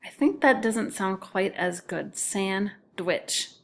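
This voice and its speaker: A woman's voice: medium pitch, animated, takes it slowly, gravelly. A woman teaching a recorded phonics lesson to second graders, patiently sounding out words syllable by syllable and often whispering letter names.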